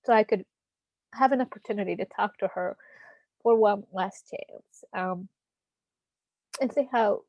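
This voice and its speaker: A woman's voice: mid-range voice, normal speed, pauses often, a little mellow. A woman hosting a casual livestream town hall as a political candidate, talking from home in a chatty, heartfelt way with lots of fillers. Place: at home, streaming live.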